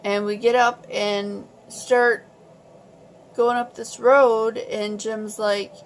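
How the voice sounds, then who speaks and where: A woman vlogger telling a story in a casual, animated and exasperated way. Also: a little high, slow pace, a little hiss or hum.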